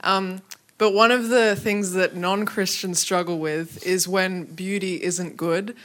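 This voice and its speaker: A woman, an audience member asking a thoughtful, measured question. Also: fairly low pitch, steady tone, fairly bright tone.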